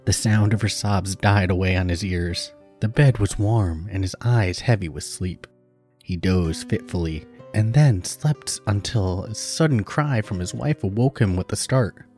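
A man narrating a story in a steady, subdued reading. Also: fairly low pitch, unhurried, faint music behind. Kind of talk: audiobook narration.

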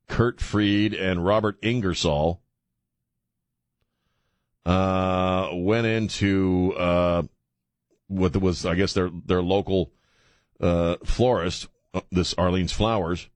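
In a low voice with no room sound, the older radio host speaks into a studio microphone in his studio. His casual talk mixes self-mocking jokes with news commentary, and he stumbles through stories with plenty of fillers.

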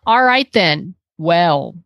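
A woman co-hosting a casual podcast, rambling and restarting her thoughts in a friendly way. Her voice has a gravelly edge, and the recording is dry with no room sound. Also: on the low side, lively intonation, slow pace, fairly bright tone, dry recording. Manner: chatty, trails off and restarts, playful sound effects. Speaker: podcast co-host. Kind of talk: casual chat.

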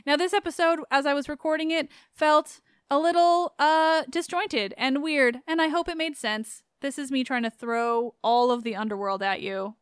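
A woman's voice: high voice, normal speed, hardly any pauses, no room sound, studio quality. A woman hosting a podcast in a chatty, sarcastic way, swearing freely as she talks. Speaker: podcast host. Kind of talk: casual podcast narration.

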